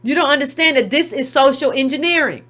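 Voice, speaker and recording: Woman, high-pitched voice, commentary host, emphatic, rhetorical questions, mocking impressions. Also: fairly quick, sharp tone. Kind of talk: opinionated commentary monologue.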